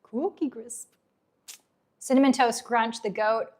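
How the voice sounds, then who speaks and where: A woman in her thirties, casually chatting on a live unboxing stream, reading viewer comments aloud with nostalgic enthusiasm, her voice getting a little hoarse. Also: a little high, steady tone, slow pace, a little mellow. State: losing her voice. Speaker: livestream host.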